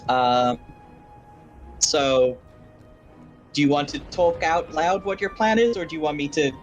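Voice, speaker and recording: A man running a tabletop game as game master, talking in a relaxed, rambling way with many filler words. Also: on the high side, unhurried, highs cut off, faint music behind. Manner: relaxed, rambling, lots of likes. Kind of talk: casual tabletop game chat.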